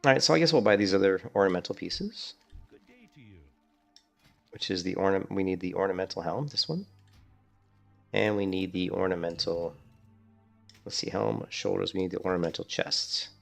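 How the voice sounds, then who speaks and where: A man with a deep, gravelly voice rambles through casual game commentary, restarting his sentences as he goes. Soft music plays in the background. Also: moderate pace, long pauses. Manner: rambling, chatty, restarts a lot. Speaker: gaming streamer.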